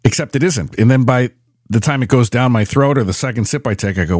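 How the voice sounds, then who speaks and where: A middle-aged man hosting his own podcast, telling stories in a rambling, animated way with frequent restarts. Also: medium pitch, quick pace, no echo, clean studio sound. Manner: rambling storyteller, animated, self-correcting. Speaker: podcast host. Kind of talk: casual monologue.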